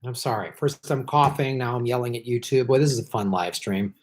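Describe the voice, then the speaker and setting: A man hosting a casual live stream, chatting with viewers, clearing his throat often and swearing in frustrated outbursts at the tech. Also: medium pitch, fairly quick. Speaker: political comedian and live stream host.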